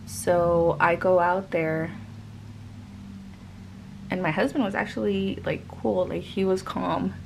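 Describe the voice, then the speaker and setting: A young woman tells a rambling storytime vlog at home, speaking casually with many filler words. Her voice sits a little low and has a gravelly, fry-laden edge. Faint noise hums under the camera mic. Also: fairly even intonation, slow, pauses often, low-quality recording. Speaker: vlogger. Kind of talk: casual storytime while doing makeup.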